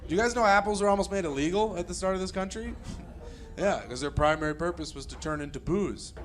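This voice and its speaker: A man doing stand-up comedy with a quick, giggly delivery. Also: sits high, fairly bright tone, soft background music.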